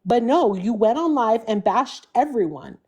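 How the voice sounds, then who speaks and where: A woman's voice: on the high side, expressive, moderate pace, a little mellow, slightly rough. A young woman venting on a live stream, emotional and pleading, with frequent fillers.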